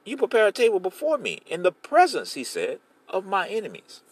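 Animated high-voiced man preaching. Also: a little fast, breathy edge, no room sound. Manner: animated preaching, paraphrasing scripture in casual street talk. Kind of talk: sermon.

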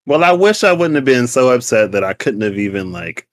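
A man co-hosting a casual spiritual chat, animated and playful, laughing often as he talks. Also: on the low side, brisk, few pauses. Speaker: podcast co-host.

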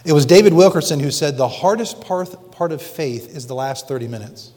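A man preaching a sermon dramatically, slowing down for emphasis. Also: a little high, animated, mellow. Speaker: pastor. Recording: long reverb of a large hall.

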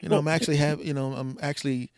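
A man's voice: fairly high pitch, level tone, fast, darkish tone, dry recording. A man hosting a podcast who chats casually and jokes with his guest. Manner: joking, laughs often. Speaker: podcast host. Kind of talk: casual interview chat.

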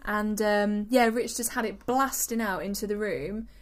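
A woman's voice: medium pitch, fairly even intonation, measured pace. A young married woman, co-hosting a podcast and telling rambling stories. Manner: chatty storyteller, rambling asides. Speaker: podcast co-host. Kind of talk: casual chat.

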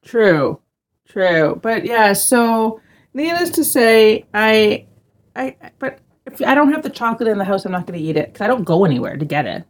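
A woman's voice: medium pitch, very animated, normal speed. A woman hosting a podcast, chatting and teasing her husband, often laughing. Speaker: podcast host. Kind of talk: casual podcast chat.

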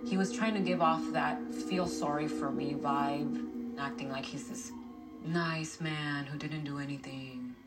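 A woman's voice: low voice, fairly even intonation, a little slow. A woman, sister of a missing person, retelling events with emotion in a documentary interview. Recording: distant mic with loud music bed.

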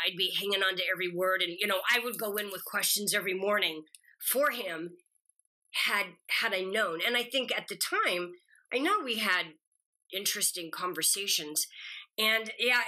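A middle-aged woman, a guest actress chatting in an interview, telling stories and acting out quoted lines with lively energy. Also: medium pitch. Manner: animated storyteller acting out quotes. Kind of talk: casual interview chat.

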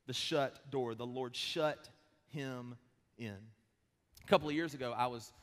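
Man preaching in a reverberant hall. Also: medium pitch. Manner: conversational preaching with quick humor and slow emphatic pauses. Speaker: pastor. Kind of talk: sermon.

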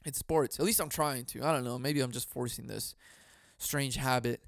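A man from Southern California hosting a casual solo podcast into a boom mic at home, swearing a lot, laughing often and bursting into loud mock yelling. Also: fairly even intonation, moderate pace, vocal fry, no room sound, studio quality. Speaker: podcast host.

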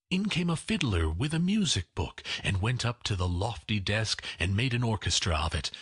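Slow expressive male storybook narrator. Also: on the low side, husky, no echo, studio quality. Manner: unhurried, expressive reading. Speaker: audiobook narrator. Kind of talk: scripted narration of a classic story.

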